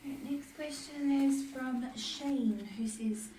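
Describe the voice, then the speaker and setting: A woman reads viewer questions aloud in a soft, quiet voice, pitched a little high and mellow in tone. She sits off mic, so her voice rings in an echoey room. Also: slow, recorded from a distance, slight background noise. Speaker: co-host reading out viewer questions.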